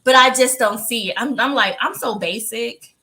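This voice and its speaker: A woman co-hosting a podcast tells stories in casual chat, animated and laughing as she acts out quotes. Her voice is high and bright, at a normal speed.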